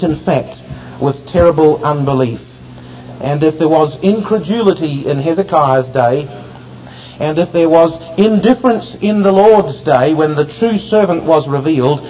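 A man delivers an expository sermon, his voice sitting high for a man. He teaches verse by verse and puts questions to his listeners. The recording is muffled and lo-fi, with a faint hiss of room ambience. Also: darkish tone. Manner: expository Bible teaching, rhetorical questions to the congregation. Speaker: preacher.

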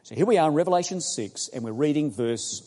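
A man preaching a sermon, emphatic and building to loud exclamations as he addresses the congregation. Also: fairly high pitch, animated, a little fast. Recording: long hall reverb.

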